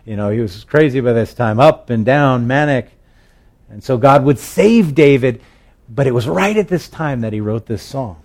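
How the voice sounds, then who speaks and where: Male pastor, mid-pitched, preaches like he's telling a story, loose and chatty with restarts. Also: animated, moderate pace, a little mellow. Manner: conversational storytelling with fillers and restarts. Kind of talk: sermon.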